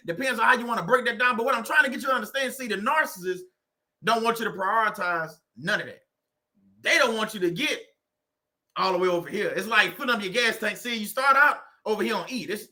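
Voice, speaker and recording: Male host, high voice, preachy, repeats lines for emphasis. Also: sharp tone. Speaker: host of a faith-based livestream on narcissistic abuse. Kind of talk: live-stream motivational talk.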